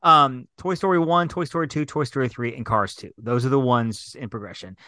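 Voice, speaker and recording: A man in his thirties co-hosting a casual podcast, talking in an eager, rambling way with plenty of fillers. His voice is bright and forward. The sound is dry and close, with no room around it. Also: mid-range voice, fairly quick, no room sound. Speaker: podcast co-host. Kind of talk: casual chat.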